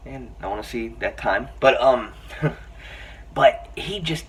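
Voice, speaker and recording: A man giving a casual spoken film review, retelling scenes in an excited, rambling way with many restarts. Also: medium pitch, unhurried. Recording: slightly distant mic, faint room hiss.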